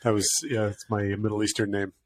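A man's voice: on the low side, level tone, a little fast. A man co-hosting a podcast, joking and bantering in casual chat. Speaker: podcast co-host.

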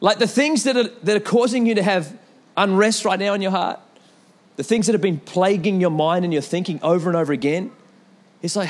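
Man, young adult, pastor, animated sermon, repeated calls to the congregation, slightly high voice. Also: fairly quick. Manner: animated preaching with repeated calls and storytelling asides.

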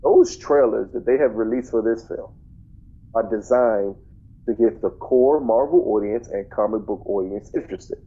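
Blunt, opinionated podcast man, mellow tone. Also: on the low side, moderate pace, slightly rough, lo-fi sound. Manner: blunt, opinionated, repeats himself. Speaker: podcast co-host. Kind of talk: casual movie chat.

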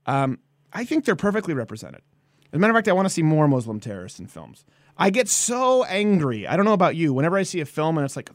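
Male host, live-stream ranter: lively, emphatic, slightly high voice, dry close sound. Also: fast talker, no echo. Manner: animated, emphatic ranting with jokes. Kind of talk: political comedy live-stream chat.

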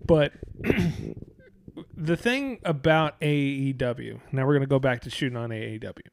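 A man's voice: medium pitch, a little slow, creaky. A man co-hosting a casual chat, rambling and profane, often restarting his sentences.

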